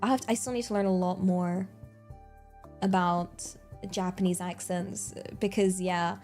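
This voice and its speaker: A young woman from England with an English accent, chatting casually on a livestream in a bubbly, excitable and giggly way. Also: on the low side, measured pace, faint music behind. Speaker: streamer.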